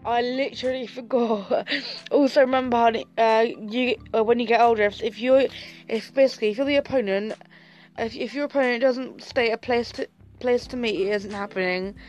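A woman's voice: a little high, fairly even intonation, moderate pace, darkish tone. Sassy young Englishwoman spilling gossip. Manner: sassy, gossipy, swears freely. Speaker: vlogger. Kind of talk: casual chat to camera.

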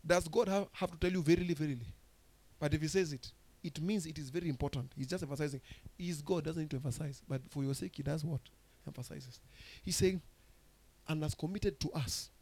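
A man with a Kenyan accent preaching a sermon, asking the congregation questions and swinging from soft, low passages to loud, rising exhortation. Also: fairly quick. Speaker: pastor.

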